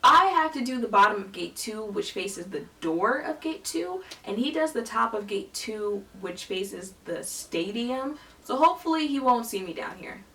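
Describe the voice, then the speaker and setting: Gravelly young woman telling a story. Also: a little high, slight background noise. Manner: animated, acts out voices of people in her story. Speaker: vlogger. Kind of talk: storytime vlog, casual storytelling. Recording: voice a bit distant from the mic.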